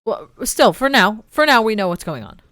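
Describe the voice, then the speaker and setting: A woman's voice: mid-range voice, sing-song, moderate pace, a bit bright. A woman playing a tabletop game who reassures the others in an easygoing way. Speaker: player. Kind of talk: casual tabletop game chat.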